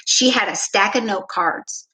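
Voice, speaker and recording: A woman basketball coach, a podcast guest, telling a story in a relaxed, reflective way, often filling with "you know" and acting out her own past words. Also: medium pitch, measured pace, low-quality recording. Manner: frequent "you know" fillers. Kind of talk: storytelling in a conversational interview.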